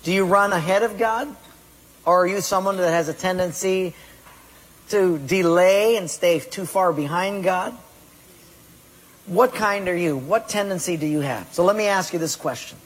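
A man's voice: high voice, normal speed. A male pastor preaching a sermon to a congregation and asking them direct questions. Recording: long hall reverb.

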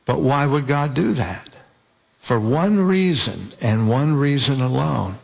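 Male preacher, sermon delivery, slow measured pace, deliberate emphasis, mid-pitched voice. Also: expressive, vocal fry, a little mellow. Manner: slow, deliberate emphasis, stretching key words.

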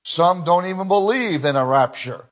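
A male pastor preaching live in church, his voice sitting a bit high. He builds from measured teaching to loud exclamations and keeps asking for amens from the congregation. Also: lively intonation. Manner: preachy, rising to exclamations, calls of amen. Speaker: pastor and radio host. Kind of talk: live sermon.

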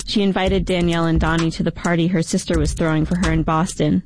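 A woman reading a first-person story in an even, measured way. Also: lowish voice, background noise. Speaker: audiobook narrator. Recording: background music under narration.

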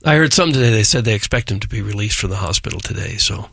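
A man's voice: fairly low pitch, animated, rapid-fire, vocal fry, fairly bright tone, dry recording, studio quality. A man co-hosting a talk radio show, musing in rambling casual asides. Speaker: radio co-host.

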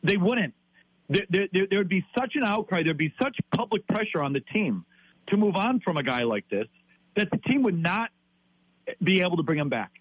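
A man's voice: high-pitched, very animated, normal speed, breathy edge, dry recording, lo-fi sound. A man in his fifties from Wisconsin, ranting in heated sports talk, exasperated and repeating himself. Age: 50s.

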